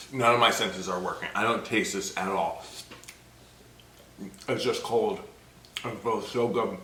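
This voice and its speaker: A man's voice: on the low side, steady tone, a little slow, pauses often, sharp tone. A young man vlogging to the camera in short, fretful bursts. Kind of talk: casual video blog. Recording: roomy echo, faint background noise.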